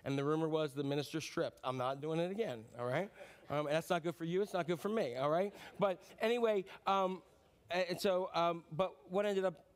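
A middle-aged male pastor preaching a sermon in a lively, conversational, joking way. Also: on the high side, brisk.

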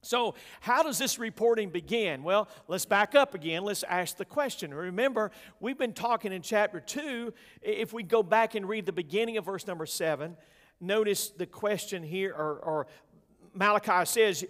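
A man preaching a sermon, reading scripture slowly and swinging between loud emphasis and soft, low delivery. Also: animated. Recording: long hall reverb.

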